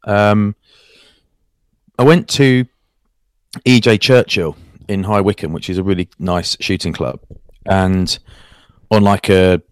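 A man co-hosting a casual podcast, chatty and teasing, telling stories with lively asides. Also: fairly low pitch, slow pace, long pauses, no room sound, clean studio sound. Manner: teasing, chatty, animated storyteller. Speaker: co-host, rugby commentator.

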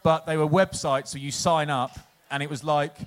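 A man's voice: fairly high pitch, steady tone, normal speed, smooth. A man from England, co-hosting a live chat show, tells long, rambling anecdotes and laughs at his own punchlines. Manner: chatty, rambling storyteller, laughs at own stories. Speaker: podcast co-host, former rugby player. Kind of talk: casual anecdote-telling before a live audience.

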